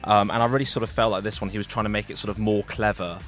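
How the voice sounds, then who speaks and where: A man's voice: fairly low pitch, steady tone, very fast, a bit bright. A young man giving a radio film review, rambling with lots of fillers and restarts. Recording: radio studio with faint music.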